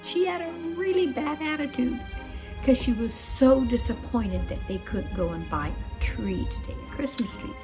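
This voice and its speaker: A woman telling a children's story with lively exclamations, her voice fairly high. Guitar music plays clearly behind her. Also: normal speed. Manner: expressive, exclamatory. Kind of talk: read-aloud children's story.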